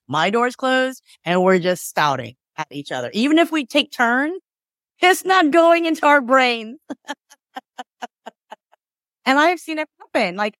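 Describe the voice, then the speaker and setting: A woman's voice: medium pitch, a bit bright, no room sound, clean studio sound. A woman divorce mediator in a conversational interview, explaining with acted-out examples and lots of "like" and "right?".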